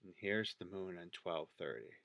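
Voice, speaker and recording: A man's voice: sits low, expressive, normal speed, gravelly, a bit bright, no echo. A man giving casual commentary over video clips, thinking aloud and counting things out as he points them out. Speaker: video creator.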